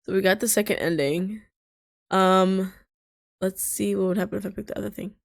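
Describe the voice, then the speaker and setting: This young woman has a gravelly, medium-pitched voice with fairly even intonation, speaking at normal speed in a dry, studio-quality recording. She reads a story game's lines aloud in let's-play style, breaking into shocked reactions and swearing.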